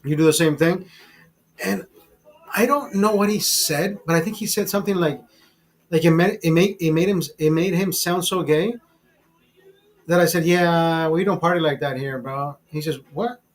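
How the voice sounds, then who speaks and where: High-voiced, profane man rambling casually. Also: moderate pace, poor audio. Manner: profane, rambling, many restarts; calls the listener brother. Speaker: channel host. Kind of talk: casual storytelling over a beer.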